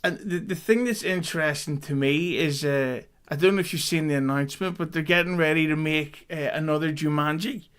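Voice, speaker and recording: A man's voice: on the high side, a little fast, hardly any pauses, fairly bright tone, clear, resonant tone. A man co-hosting a podcast in casual chat, giving wry, critical commentary. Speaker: podcast co-host.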